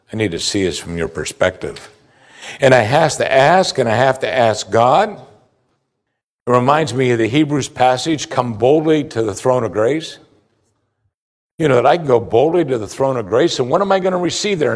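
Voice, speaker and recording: A man preaching a sermon as pastor, animated, acting out the voices he quotes. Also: medium pitch. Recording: hall reverb.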